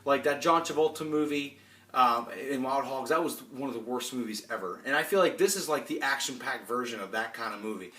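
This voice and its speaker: A man's voice: mid-range voice, fairly quick, sharp tone. Blunt rambling young man in an echoey room. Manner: rambling, blunt, many restarts. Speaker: movie vlogger. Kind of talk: casual opinionated rant. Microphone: phone camera. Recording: roomy echo.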